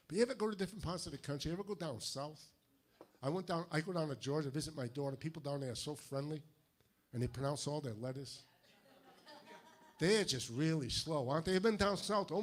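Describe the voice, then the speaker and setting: An older man with a New England accent works through a stand-up set, landing deadpan one-liners with tight, punchy timing. His voice sits a touch higher than most men's. Laughter from the audience breaks in between jokes. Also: fairly quick. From Fall River, Massachusetts. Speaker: stand-up comedian. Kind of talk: stand-up routine.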